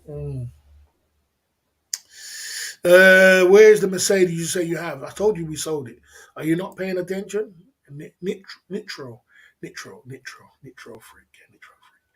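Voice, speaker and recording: A man hosts a casual livestream, chuckling through loose, slangy banter aimed at his viewers. His voice sits a little higher than most men's, and he circles back over the same phrases again and again. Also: a bit bright. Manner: laughing, repetitive, slangy banter. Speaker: livestream host.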